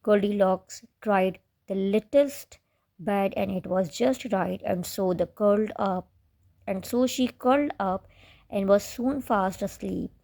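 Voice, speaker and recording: A woman reads a children's fairy tale aloud at an unhurried, deliberate pace. Her voice is mellow and soft, with a gentle storybook lilt. She sits at a middle pitch for a woman. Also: vocal fry.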